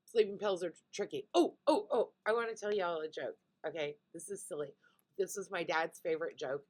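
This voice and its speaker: A woman's voice: medium pitch, a bit bright. A woman hosting a casual reality TV recap, candid and chatty, swearing freely. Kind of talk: casual chat.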